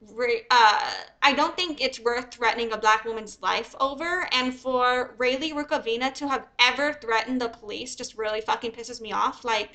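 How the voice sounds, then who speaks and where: A woman streamer giving heated, profane livestream commentary with fast angry rants. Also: a little high, bright, forceful tone.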